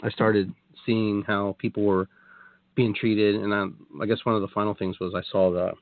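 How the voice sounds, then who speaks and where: A man's voice: on the low side, flat delivery, normal speed, no room sound. A man telling his story as a guest on a talk show, rambling with many restarts and quoted asides. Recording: tinny phone-like line, dry.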